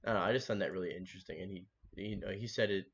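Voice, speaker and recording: A man's voice: sits low, very fast, gravelly. A man live-streaming his reaction to a video, rambling casually with many fillers and restarts. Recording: dull lo-fi mic with faint noise.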